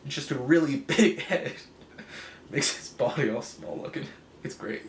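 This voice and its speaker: Brief: male host, casual comic review, rambling and chuckling, mid pitch, roomy echo with faint hiss. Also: animated, measured pace. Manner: rambling, laughs easily, self-correcting. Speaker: comic book video host. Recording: echoey room, faint hiss.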